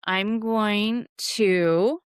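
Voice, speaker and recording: This young woman runs a witchcraft podcast, teaching through stories in a casual, candid way with plenty of swearing and fillers. Her mid-range voice is smooth with drawn-out words, and the studio recording is clean with no echo.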